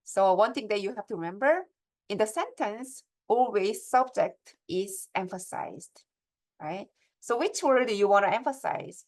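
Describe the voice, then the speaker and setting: A woman's voice: medium pitch, lively intonation, a little slow. Woman lecturing on writing. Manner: explains step by step, asks the audience checking questions.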